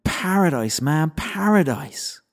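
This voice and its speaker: Arrogant, excitable young man in a storybook, raised pitch, loud drawl, a man doing the voice. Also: slow pace, vocal fry, long reverb tail, full character voice. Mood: gloating. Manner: shouty, drawling, says "man" a lot.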